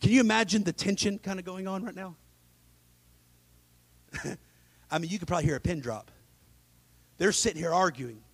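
A male pastor preaching a dramatic sermon, swinging between loud emphasis and hushed asides. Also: high-pitched, normal speed, pauses often, breathy edge, dry recording. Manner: acts out scripture voices.

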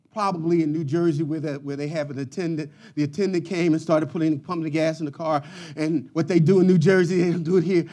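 A man preaching a sermon, swinging from quiet, low asides to loud, shouted passages. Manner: preaching with rising shouts and dramatic swings in volume. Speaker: pastor.

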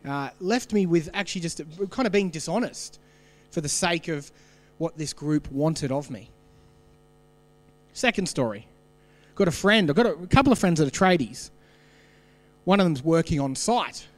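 A man's voice: fairly high pitch, long reverb tail. An Australian man preaching a sermon, telling stories in a conversational way and putting questions to the congregation. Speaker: pastor.

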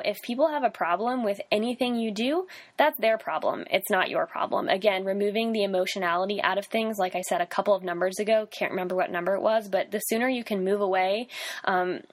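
A woman's voice: medium pitch, no echo. Casting: woman in her twenties, podcast host, chatty and loose, fillers galore, dry close sound. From Northern Virginia / Washington DC area. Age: 20s. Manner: chatty, peppered with "like" and "um". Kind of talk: casual solo podcast monologue.

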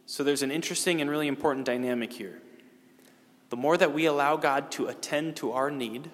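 A middle-aged priest giving a homily in a conversational way, with casual fillers and restarts. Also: male voice, fairly high pitch, brisk. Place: church. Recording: long church reverb.

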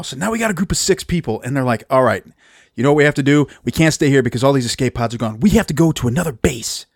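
A man's voice: a little high, lively intonation, brisk, no room sound, studio quality. A man casually recapping a movie plot on a podcast, rambling, self-deprecating and laughing often. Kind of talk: casual chat.

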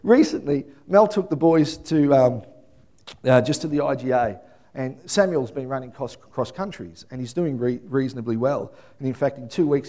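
A man, middle-aged, preaching a sermon and telling family stories with lively acted-out voices. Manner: animated storytelling, acts out voices, high excited calling. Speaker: pastor.

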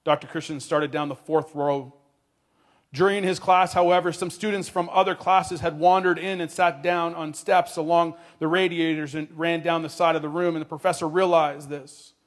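A man telling a story in a sermon, earnest, dropping his voice quietly at tender moments. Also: on the high side, steady tone, normal speed.

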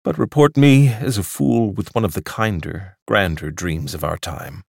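A man's voice: on the low side, normal speed, gravelly, darkish tone, no room sound, clean studio sound. A man voicing an impassioned, idealistic man who makes grand speeches for a lost cause, in an audiobook reading. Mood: rueful. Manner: fervent, oratorical, speechmaking. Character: impassioned idealistic man preaching bee liberation.

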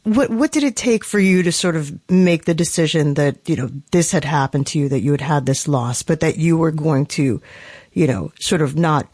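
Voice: medium pitch, moderate pace, a little mellow, no room sound. An interview host asking long, earnest questions with frequent restarts. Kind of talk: conversational interviewing.

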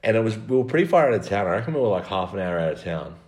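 A man's voice: on the low side, big pitch swings, rapid-fire, a little mellow. A man hosting a casual podcast, prompting his guest with teasing questions. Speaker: podcast host. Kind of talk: casual chat.

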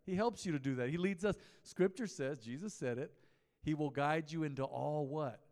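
A pastor delivering a relaxed mid-week sermon, his voice pitched a little high for a man. He talks like he's chatting with the congregation, telling stories and tossing questions out to them. The room carries a long reverb. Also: normal speed. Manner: conversational, storytelling, asks the congregation questions. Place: church sanctuary.

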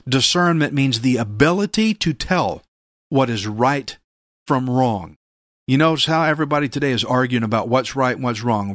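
A male pastor preaching a radio sermon, earnest and emphatic, slowing down to read scripture. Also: medium pitch, a bit bright, no echo, clean studio sound.

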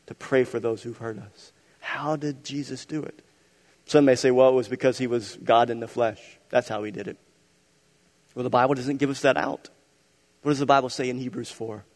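Pastor man preaching, goes from big and loud to quiet and hushed, mid pitch, long echo of a big church hall. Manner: dynamic preaching, swinging from loud emphatic to soft and hushed. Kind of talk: sermon. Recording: long reverb of a large hall.

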